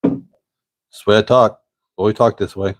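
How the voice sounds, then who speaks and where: A man's voice: on the low side, steady tone, background noise. Folksy man in his fifties. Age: 50s. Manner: rambling, folksy, drawn-out pauses. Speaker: host answering live chat questions. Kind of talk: casual live-stream chat.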